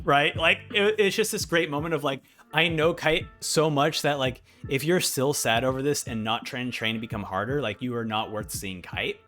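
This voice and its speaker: A young man in casual review commentary, excitable, swinging between hyped and somber as he talks. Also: medium pitch, normal speed, few pauses, faint music behind. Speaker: anime reviewer.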